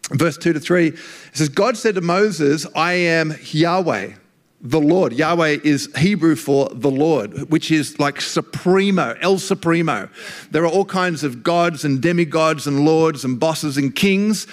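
A man delivering a sermon with a fairly high voice for a man. He speaks earnestly and emphatically, in a conversational, down-to-earth way. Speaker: preacher.

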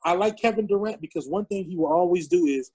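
A man's voice: high voice, fast talker, mellow, husky, poor audio. A man in casual podcast chat, talking loosely with frequent swearing and restarts.

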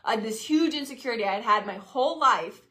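A woman in her late twenties speaks straight to her followers in a loose, chatty way. Her voice is bright and forward, sitting a little high for a woman, and she slips into quick acted-out lines of what she once thought. The feel is a relaxed personal vlog. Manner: chatty and expressive, acts out her own past reactions. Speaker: social media creator. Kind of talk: casual talking-to-camera vlog.

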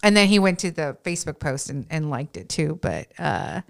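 A woman co-hosting a podcast gushes excitedly in casual chat. Her voice sits on the low side and sounds smooth and clean. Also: normal speed. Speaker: podcast co-host.

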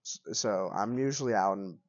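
A man's voice: fairly low pitch, moderate pace, dry recording, muffled recording. A young man co-hosting a casual podcast, stuffy and coughing from allergies, joking and swearing a lot. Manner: joking, swears often, says "dude" and "bro". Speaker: podcast co-host. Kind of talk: casual chat.

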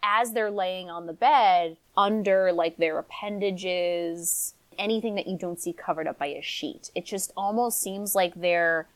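A woman's voice: on the low side, measured pace, hardly any pauses, rough recording. Casual woman game master. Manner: casual, filler-heavy narration. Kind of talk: narrating a tabletop game.

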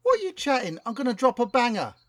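A man's voice: very high-pitched, wildly swooping pitch, quick pace, fairly bright tone, voice pushed up, full character voice. A man playing a brash young male rapper who talks in street slang. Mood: brash, cocky.

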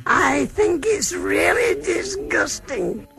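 A man playing a drunk, cheeky old granny with a very high, creaky voice that swoops wildly. She drawls out slow, slurred words, with music faintly behind her. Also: very animated, shouting, full character voice. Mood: tipsy. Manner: slurred, drawn-out outbursts. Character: tipsy, cheeky old woman named Elsie. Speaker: prank caller.

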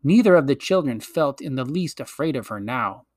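A man narrating a children's fantasy story in a gentle, measured storytelling manner. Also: medium pitch, expressive, no room sound, clean studio sound. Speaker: audiobook reader.

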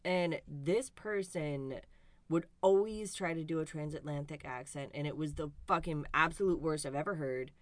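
A woman co-hosting a podcast in casual chat, wry and deadpan, swearing freely. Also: low-pitched, moderate pace, no room sound. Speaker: podcast co-host.

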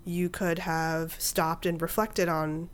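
A woman's voice: lowish voice, little pitch movement, slow, clear, resonant tone. A woman in her thirties, a podcast guest, telling a personal story in casual conversation and acting out her own inner dialogue.

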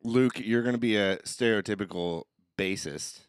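A man co-hosting a casual comedy podcast, chatty and organizing the bit, quick to laugh. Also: on the low side, smooth, no echo, clean studio sound.

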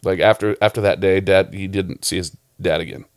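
This man talks about the short film he directed in a casual podcast chat, rambling freely, cursing frequently and laughing often. His low-pitched voice moves a little fast, captured in studio quality without any echo.

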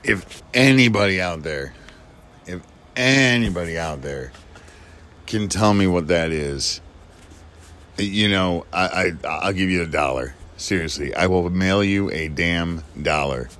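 A man's voice: deep voice, unhurried, fairly bright tone. A man co-hosting a casual talk show, cracking dry jokes. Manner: dry, wisecracking. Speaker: podcast co-host. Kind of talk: casual chat.

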